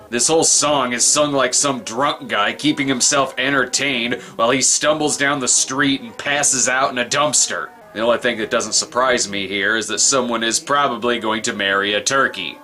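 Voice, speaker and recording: A man's voice: medium pitch, bright, forceful tone. A man reviewing a bad film in a comedic voice-over, sarcastic and profane.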